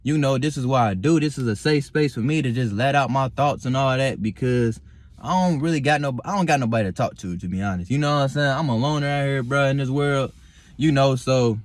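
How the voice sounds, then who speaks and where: A young man talks to camera from his car at night, loose and rambling, full of fillers and restarts. He stays calm and reflective and swears freely. His voice sits at a middle pitch and sounds dry and close. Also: a little fast, no echo. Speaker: vlogger. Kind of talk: casual talk to camera.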